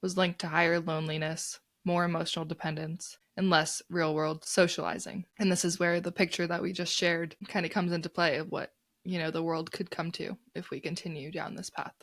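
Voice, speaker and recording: A woman's voice: on the low side, flat delivery, brisk, fairly bright tone, no room sound, studio quality. A woman co-hosting a casual podcast. She explains study findings in a chatty way, often checking in with "right?". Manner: explains studies conversationally, many "like" and "right?". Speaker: podcast co-host.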